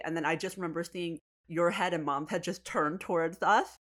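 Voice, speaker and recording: A woman's voice: fairly low pitch, fairly even intonation, normal speed, a bit bright. A pregnant woman chatting casually, telling a family story animatedly and laughing often. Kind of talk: casual chat.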